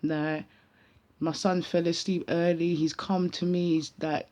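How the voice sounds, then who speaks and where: Her voice on the low side and her delivery unhurried, a British woman peppers her personal vlog story with London street slang. She's casual and animated throughout.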